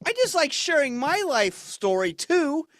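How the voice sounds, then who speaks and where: A man's voice: extremely high pitch, big pitch swings, measured pace, a bit bright, a little hiss or hum, pitched above the performer's own voice, exaggerated voice. A man playing a flustered, put-upon straight man who whines and stammers in indignation. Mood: indignant. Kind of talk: comedy double act on a video call.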